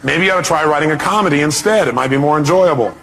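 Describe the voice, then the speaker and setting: A man's voice: fairly high pitch, fast, vocal fry, fairly bright tone, a little hiss or hum. A middle-aged man giving an emphatic seminar talk and firing rhetorical questions at his audience. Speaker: motivational speaker.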